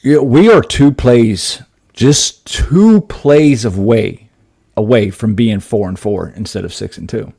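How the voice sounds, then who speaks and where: A man's voice: lowish voice, expressive, takes it slowly, gravelly, warm tone, husky. A man co-hosting a casual sports podcast, talking through a matchup with frequent ums and restarts. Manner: hesitant, lots of fillers, builds an argument. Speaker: podcast co-host.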